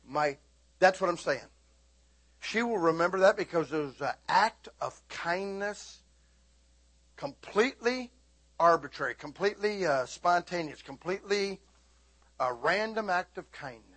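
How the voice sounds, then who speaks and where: A middle-aged man preaches in a lively, storytelling way, speaking straight to his congregation. His voice sits high and swoops widely. It has a husky edge and keeps rising into shouts. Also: a little slow, long pauses. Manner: animated, shouting and laughing, talks to the audience.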